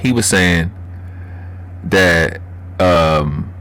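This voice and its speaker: A deep, slightly bright voice speaks very slowly as this Baltimore man hosts his livestream. He's loose and profane in a strong Baltimore accent, laughing and reading chat out loud as he responds to it.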